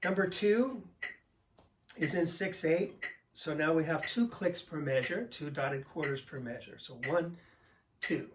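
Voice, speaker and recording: An older man teaching drums, calmly explaining time signatures and counting beats aloud. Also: fairly high pitch, unhurried. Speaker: drum teacher. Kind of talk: instructional explanation. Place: drum studio. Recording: voice a bit far from the mic, faint noise.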